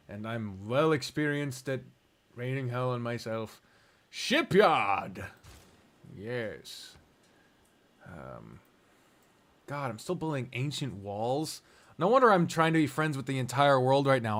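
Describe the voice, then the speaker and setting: A man streaming a strategy game, rambling casually, talking to himself and swearing often. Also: medium pitch. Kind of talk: casual live-stream chat while gaming.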